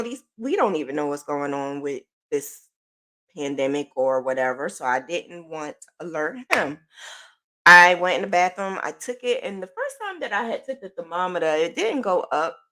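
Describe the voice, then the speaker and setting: A middle-aged woman hosting a podcast, telling a personal story in a chatty, animated way with sighs and self-corrections. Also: lowish voice, vocal fry. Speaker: podcast host.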